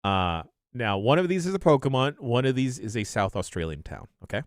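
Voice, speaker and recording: A man's voice: medium pitch, sing-song, brisk, no room sound, studio quality. A man hosting a podcast, reading out quiz questions in a wry, casual way. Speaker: podcast host running a quiz.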